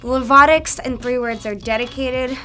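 A woman's voice: sits high, fairly even intonation, moderate pace, loud music behind the voice. A woman in her twenties, a playful interview guest who giggles often as she chats. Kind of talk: casual interview chat.

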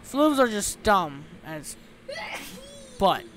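A young man giving excitable, sweary commentary over his own gameplay, often shouting when startled. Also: high-pitched, very slow, slight background noise. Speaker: let's play host.

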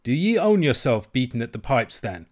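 A man voicing a bold, boastful adult Highland piper in an audiobook reading, speaking with cool, challenging confidence. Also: sing-song, normal speed. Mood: needling. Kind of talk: audiobook character voice.

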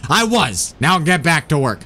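A man's voice: on the high side, very animated, moderate pace, sharp tone, full character voice. A man voicing an impatient male police sergeant who talks curtly and bossily. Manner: curt, bossy.

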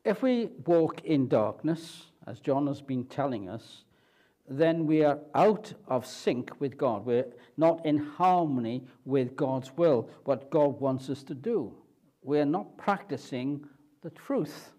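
Man preaching a sermon, slightly higher voice, slow and measured. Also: lively intonation, dark tone. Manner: slow, deliberate preaching with rhetorical questions.

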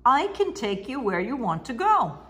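A woman's voice: on the high side, big pitch swings, moderate pace, fairly bright tone, a little hiss or hum. A woman voicing a proud little steam engine. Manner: proud, chirpy. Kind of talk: storybook read-aloud.

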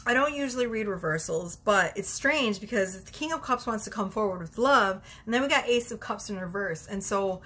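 A woman tarot reader talking casually to the camera from her bedroom, chatty and quick to laugh as she pulls cards. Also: medium pitch, lively intonation, a bit bright, husky. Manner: chatty, laughs often, talks straight to viewers. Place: bedroom at home.

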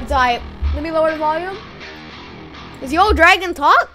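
A streamer giving excited live commentary while playing a game with viewers, breaking into hyped shouts and chants. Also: sits high, moderate pace, music in the background. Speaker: livestreaming gamer playing with viewers.

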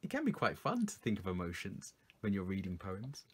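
A man's voice: low-pitched, slightly rough. A poet reading his poems aloud for children, explaining them in an encouraging way. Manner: lively, encouraging, explains slowly.

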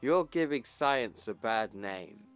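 Man voicing a smug giant scientist hero, plain mid-pitched delivery. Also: expressive, takes it slowly, smooth. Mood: condescending.

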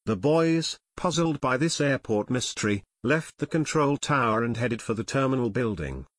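A man narrating a full-length audiobook in a steady storytelling manner. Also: mid-range voice, normal speed, no room sound. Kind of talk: scripted narration.

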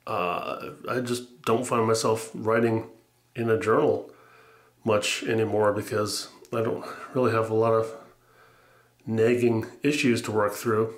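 A man's voice: on the low side, little pitch movement, echoey room. Wry rambling man, slightly breathless. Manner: musing, wry, halting with fillers. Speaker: vlogger. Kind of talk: rambling casual vlog. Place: room upstairs at home. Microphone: camera mic.

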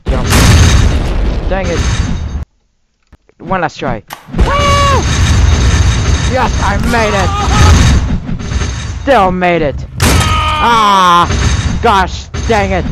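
A young man commentating a gameplay video, shouting and laughing between low mutters. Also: very animated, very slow, long pauses, heavy background noise. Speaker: gamer. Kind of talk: let's play commentary.

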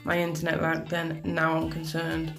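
A woman's voice: sits low, monotone, normal speed, vocal fry, a bit bright, soft background music. A woman giving chatty, exasperated commentary over a game she is playing, with plenty of mild swearing. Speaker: gaming commentator. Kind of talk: live gameplay commentary.

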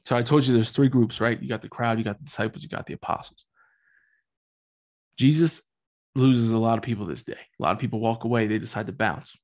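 A man's voice: medium pitch, fairly quick, darkish tone. A young man hosting a podcast, talking through a Bible passage in a casual, joking way full of slang. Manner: slangy, joking, loose and chatty. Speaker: podcast host. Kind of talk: casual Bible-study talk.

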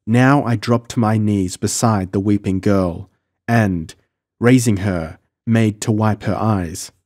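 A man narrating a pulp adventure audiobook in the first person, measured and dramatic. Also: fairly low pitch, darkish tone, no room sound, studio quality.

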